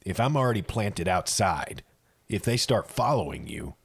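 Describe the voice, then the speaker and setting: A man's voice: low voice, sing-song, normal speed, vocal fry, husky. A man playing a tabletop game, laying out a plan in a matter-of-fact way. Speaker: player.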